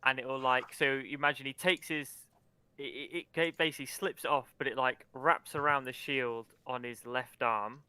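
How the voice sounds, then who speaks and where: A man's voice: medium pitch, fairly even intonation, normal speed, pushed and bright, clean tone, no room sound. A man playing a character at a tabletop game, hesitant and apologetic with stammered restarts. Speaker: player.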